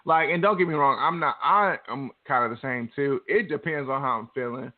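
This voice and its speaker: A man's voice: medium pitch, brisk, phone-quality sound. A man co-hosting a casual podcast, rambling candidly with a lot of profanity. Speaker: podcast co-host.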